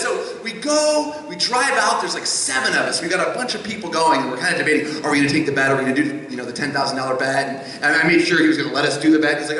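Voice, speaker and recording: A man telling a personal story live on stage, animated and rambling, with a self-mocking streak. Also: on the high side, fast talker, few pauses. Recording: echoey live hall.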